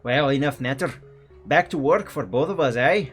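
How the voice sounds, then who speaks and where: A man's voice: mid-range voice, normal speed, faint music behind, close to an everyday voice. A man putting on a Scottish accent to voice a chatty, kindly villager. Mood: friendly. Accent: put-on Scottish. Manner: warm, chatty, folksy. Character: kindly villager who fusses over a young witch.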